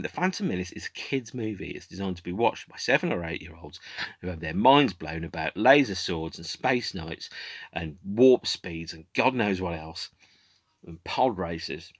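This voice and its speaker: A very low-voiced man holds forth alone on his podcast. He wanders through his points with plenty of restarts and strong opinions. The sound is close and dry, with no room around it. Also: a bit bright, no room sound. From United Kingdom. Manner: rambling, opinionated, frequent restarts. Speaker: podcast host. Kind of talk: casual solo monologue.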